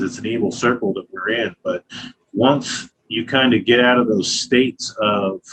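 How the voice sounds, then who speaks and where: A man's voice: on the low side, a bit bright, rough recording. A man in his thirties, a glass artist, talking casually and profanely in an interview, telling stories with lots of filler phrases. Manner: profane, loose, storytelling with acted quotes.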